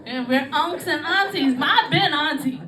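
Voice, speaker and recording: A high-pitched woman in her thirties works a comedy club stage with a bawdy stand-up set, laughing through her own jokes. Her voice comes from a distant mic in a roomy club. A crowd laughs and claps clearly around her. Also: a little slow. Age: 30s. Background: audience laughing and clapping.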